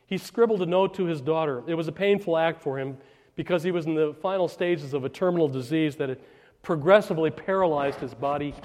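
A male pastor delivers an Easter sermon in a church sanctuary, his fairly high voice ringing out with a long reverb. He swings from loud, rising proclamation down to soft, slowed prayer.

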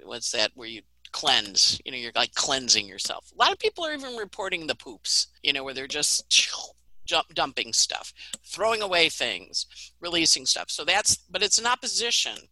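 A middle-aged woman astrologer giving a casual, animated forecast, laughing at her own stories. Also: sits low, normal speed, no echo, low-quality recording.

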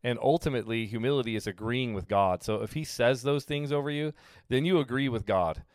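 A man preaching as a pastor in a relaxed, conversational sermon, often acting out what people say. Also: medium pitch, brisk, no echo, clean studio sound. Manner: conversational, with frequent fillers and acted-out quotes. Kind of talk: casual sermon teaching.

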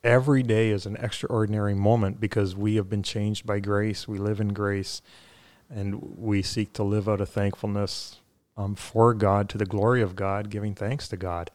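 A man's voice: fairly low pitch, flat delivery, moderate pace, darkish tone. A man talking earnestly on a faith podcast, with many fillers and restarts, then leading a prayer.

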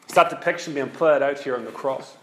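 A man's voice: mid-range voice, fairly quick, a bit bright. A man preaching a sermon with an impassioned, repetitive cadence. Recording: echoey room.

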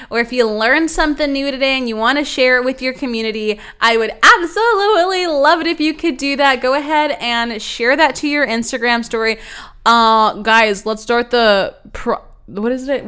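A woman's voice: high-pitched, bright, forceful tone, smooth. A young woman hosting a self-help podcast, talking earnestly and rambling with many fillers. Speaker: podcast host. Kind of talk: casual self-help talk.

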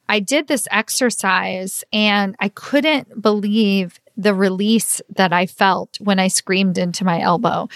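In clean studio sound without echo, a middle-aged woman speaks in a medium-pitched, fairly bright voice. She's a leadership coach doing a solo podcast episode, earnest and chatty, with frequent fillers like "like" and "right?".

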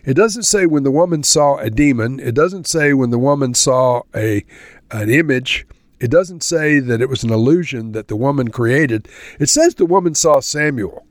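Guy reading the bible out loud and explaining it as he goes, casual and earnest, regular pitch, really dry sound. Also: expressive, normal speed, no room sound. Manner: conversational, earnest, reads verses aloud then explains; ends in spoken prayer. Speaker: Bible teacher. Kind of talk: verse-by-verse Bible commentary.

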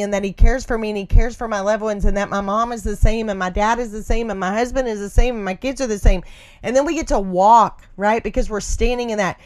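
A middle-aged woman speaking earnestly in heartfelt devotional encouragement, repeating her phrases and often checking in with "right?". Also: fairly high pitch.

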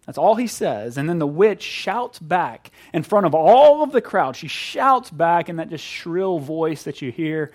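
A middle-aged male pastor delivers a sermon in a slightly higher-pitched voice. He is animated, acting out little voices and swinging between hushed, drawn-out lines and loud, punchy emphasis.

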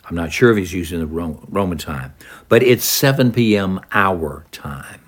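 A man teaching a Bible passage, retelling it slowly as a story and acting out the quoted words. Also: sits low. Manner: slow, lively storytelling with dramatized quotes. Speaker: preacher.

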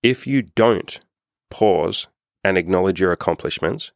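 Deep-voiced man coaching earnestly. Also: unhurried, vocal fry, no echo, studio quality. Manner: earnest, emphatic, swears casually. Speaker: self-improvement coach. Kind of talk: casual motivational monologue.

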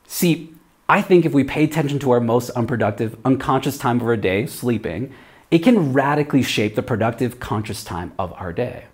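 A man's voice: medium pitch, expressive, moderate pace, darkish tone. Man preaching a casual video sermon. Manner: conversational, asks many rhetorical questions.

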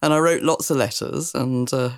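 A woman's voice: a bass voice, moderate pace, no echo, clean studio sound. A woman, a guest telling self-mocking stories in an interview chat. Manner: lively, self-mocking storyteller.

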